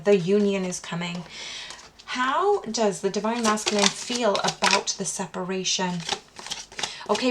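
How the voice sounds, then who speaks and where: A woman reading tarot cards aloud in a calm, earnest spiritual tone, asking Spirit questions as she goes. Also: mid-range voice, heavy background noise. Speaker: tarot reader. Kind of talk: tarot card reading to camera.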